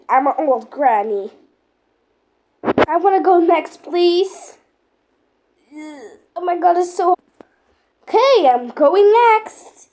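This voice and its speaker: A woman narrating and voicing a playful game role-play in an excitable, dramatic way, full of exclamations. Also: sits high.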